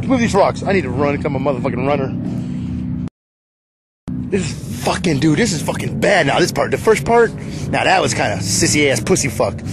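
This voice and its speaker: A man films from the edge of a desert race course on a handheld camera and keeps up a nervous, profane running commentary. His voice sits a little high and jumps to a shout whenever a truck roars by. Loud engine noise fills the outdoor recording. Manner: swearing constantly, nervous laughter, shouting when trucks pass. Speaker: trackside spectator filming a desert race.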